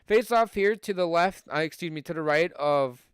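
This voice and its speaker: A man's voice: a little high, moderate pace, smooth, no echo, clean studio sound. A young man from Buffalo with a Western New York accent, a podcast host doing casual live hockey play-by-play on a stream, chatty with fillers and rising on scoring chances.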